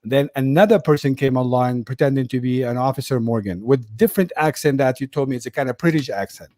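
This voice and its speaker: A man's voice: medium pitch, fast, dark tone, dry recording, studio quality. A man interviewing a scam victim, recapping her story carefully to clarify it. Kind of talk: interview questioning.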